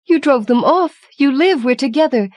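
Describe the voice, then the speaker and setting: A woman's voice: sits high, lively intonation, moderate pace, a little mellow, no echo, lo-fi sound, voice pushed up. A woman reading the part of an anxious young woman devoted to her lover, speaking urgently and pleadingly.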